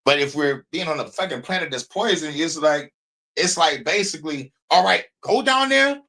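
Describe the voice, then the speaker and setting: A man's voice: fairly high pitch, expressive, normal speed, bright, forceful tone. A man hosting a livestream in a rambling, profane, casual monologue, often breaking into laughs. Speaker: streamer host.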